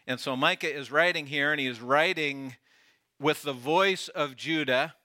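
A man preaching a sermon as pastor, earnest, often dropping soft and low to stress a point. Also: moderate pace.

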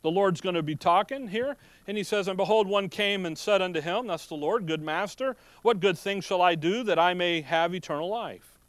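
A man's voice: high voice, moderate pace, dry recording. A middle-aged male pastor preaching a sermon in a folksy manner, full of joking asides and rhetorical questions.

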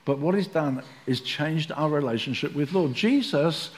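A male preacher delivering a church sermon with a fairly high voice. He talks in an animated way and slips into the voices of the people he describes. His delivery is that of a pastor speaking from the front. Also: normal speed.

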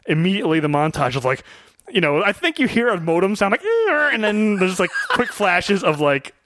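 A man co-hosting a casual movie review chat, animated and full of quick asides. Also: high-pitched, no room sound, clean studio sound. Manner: animated, quick asides, lots of fillers and impressions. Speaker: podcast co-host.

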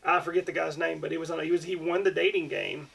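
A man's voice: a little high, fairly even intonation, fast, gravelly, a bit bright, breathy edge, recorded from a distance. A man co-hosting a podcast in casual chat, giving blunt opinions.

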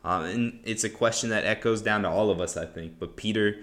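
Low-voiced man teaching casually. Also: fairly quick. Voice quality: relaxed, conversational, lots of "right?" and "um". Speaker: podcast host teaching the Bible.

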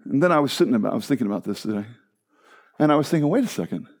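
A man preaching a sermon, moving between loud emphatic proclamation and low hushed tones, with excited conversational asides to the congregation. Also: racing. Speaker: pastor.

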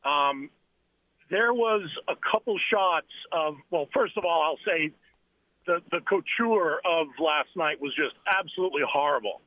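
A man calls into a talk show and stumbles through his points, repeating his words as he goes. His voice sits a little high and comes through a dull, lo-fi phone line. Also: unhurried, no room sound. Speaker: caller. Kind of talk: phone-in call.

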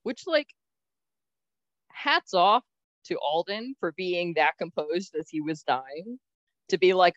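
A woman's voice: lowish voice, animated, takes it slowly, long pauses, no echo. A woman co-hosting a podcast, making wry, joking asides in casual chat. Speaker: podcast co-host. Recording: slightly dull lo-fi sound.

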